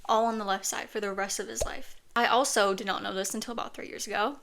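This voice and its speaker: A woman's voice: medium pitch, fairly even intonation, fast talker, fairly bright tone, a little hiss or hum. A woman casually telling a personal story on her podcast, chatty and earnest, with lots of "like" fillers.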